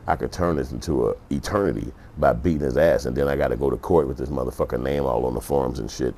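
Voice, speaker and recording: A man's voice: very deep voice, fast, creaky, warm tone, a little hiss or hum. A middle-aged man giving blunt, profane storytelling commentary in a vlog. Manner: profane, blunt, acts out other people's voices. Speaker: vlogger.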